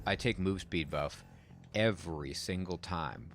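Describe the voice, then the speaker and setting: A man's voice: low voice, animated, takes it slowly, gravelly, a bit bright, faint music behind. A man giving casual, chatty commentary while playing a video game and reacting aloud to the action. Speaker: game streamer.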